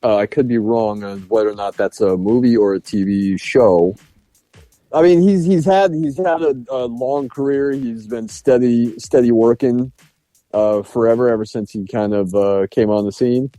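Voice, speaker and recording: A man's voice: mid-range voice, moderate pace, warm tone, dry recording, faint music behind. A man co-hosting a podcast, reviewing a film in casual chat, laughing often and swearing enthusiastically. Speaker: podcast co-host.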